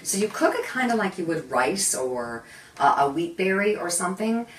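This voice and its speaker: A woman's voice: on the low side, moderate pace, a little hiss or hum. Chatty woman cooking in an echoey kitchen. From Canada. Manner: chatty, animated and self-deprecating, with frequent asides. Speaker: cooking show host. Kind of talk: live cooking demonstration. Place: home kitchen. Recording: echoey kitchen, mic at a distance.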